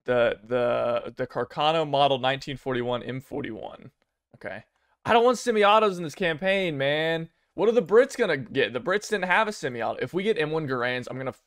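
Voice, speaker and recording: Rambling, excitable young man. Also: mid-range voice. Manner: rambling, excitable, many fillers and restarts. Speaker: gaming video creator. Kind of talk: casual commentary on game news.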